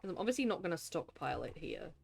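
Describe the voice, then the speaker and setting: A woman hosting a live gameplay stream, her pitch rising and falling all over the place. She keeps up a friendly running chat, greeting and thanking viewers and coaxing things in the game. Soft music plays faintly behind her. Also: big pitch swings, fast, vocal fry, breathy edge.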